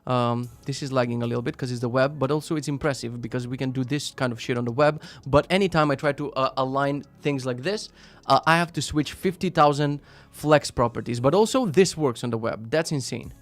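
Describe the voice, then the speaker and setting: A man's voice: mid-range voice, a little fast, hardly any pauses. Sarcastic, swearing male streamer. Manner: profane, sarcastic, swings between loud rants and mumbled asides. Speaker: live-stream host. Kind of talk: casual live-stream chat reading viewer links.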